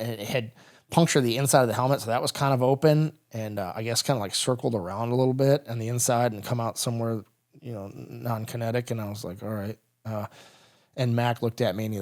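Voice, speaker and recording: A middle-aged American man, a guest on a podcast, recounting a combat story in halting speech full of fillers and restarts. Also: medium pitch, darkish tone.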